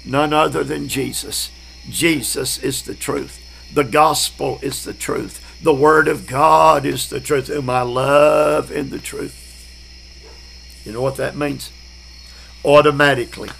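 Guy preaching a bible lesson real slow, repeats stuff for emphasis, kinda gravelly, faint noise behind. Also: mid-range voice, steady tone, fairly bright tone, low-quality recording. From Southern United States. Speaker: preacher teaching a Bible class. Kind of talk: Bible study sermon.

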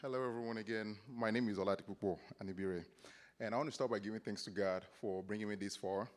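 A man's voice: lowish voice, fairly even intonation, fast talker. A man in his thirties, a medical graduate and father, earnestly thanking his partner and daughter. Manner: soft, tender, earnest. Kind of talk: match day speech.

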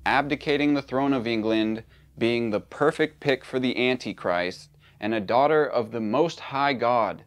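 A man's voice: medium pitch, a little slow. A man narrating a true crime story in a conversational way, with casual asides.

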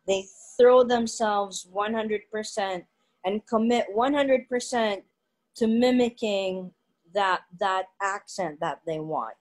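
A woman co-hosting a vlog for English teachers, talking in a relaxed, conversational way and repeating words as she thinks. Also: mid-range voice, slow pace, poor audio. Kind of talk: casual panel discussion.

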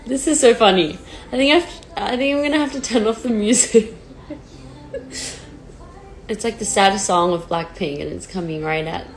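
A woman in her twenties, a pop singer, chats casually on a phone livestream in a medium-pitched voice at normal speed, with poor audio. A sad song plays faintly while she talks nervously and near tears, hesitant and self-deprecating, filling gaps with many fillers.

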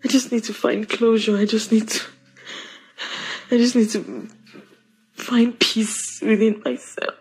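A woman's voice: on the high side, little pitch movement, brisk, few pauses, darkish tone, slightly rough, poor audio. An actress with a Nigerian accent playing a remorseful young wife who begs her husband's forgiveness, stammering through her apology. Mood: pleading. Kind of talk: film drama acting.

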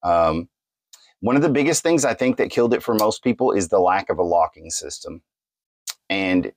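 Low-voiced guy rambling through a knife review, lots of ums, dry close sound. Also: no room sound. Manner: rambling, many fillers and restarts. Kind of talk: casual product review.

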